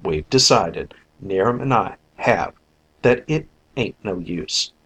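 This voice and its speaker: A man voicing a proud, passionate young rural woman in an audiobook, his voice climbing high and strained. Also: lively intonation, takes it slowly, fairly bright tone, slightly rough, heavily acted. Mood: anguished.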